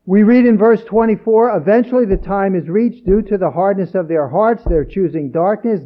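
Male preacher, higher voice, emphatic scripture reading, muffled low-fi audio. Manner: earnest, emphatic, repeats key phrases. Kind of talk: sermon.

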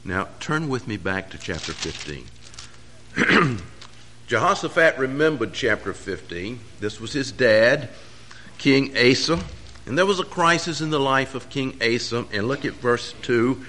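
A man's voice: medium pitch, animated, measured pace, slight background noise. Emphatic preacher man. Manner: emphatic preaching, swelling louder on key phrases. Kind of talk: sermon.

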